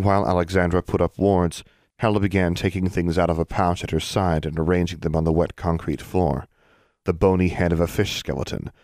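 A man reading a fantasy novel aloud in steady, even scripted narration. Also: low voice, no echo, clean studio sound. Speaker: audiobook narrator.

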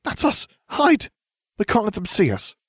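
A man voicing a bossy, haughty teenage girl witch in an audiobook reading, raising his voice high and chiding. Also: wildly swooping pitch, brisk, no room sound, studio quality. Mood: alarmed. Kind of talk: audiobook fan fiction reading.

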